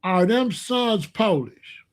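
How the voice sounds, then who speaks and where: Man, high voice, blunt repetitive livestream talk, middle-aged. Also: lively intonation, takes it slowly. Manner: blunt, repetitive, asks the chat questions. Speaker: livestream host. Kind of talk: casual livestream monologue.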